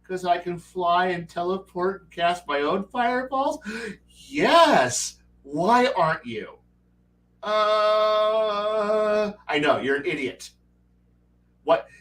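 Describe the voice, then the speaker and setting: A man hosting a casual livestream, telling profane, animated stories about running a tabletop game. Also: high voice, slow pace, distant mic, low-quality recording. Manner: animated, profane storytelling with acted player quotes. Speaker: stream host and game master.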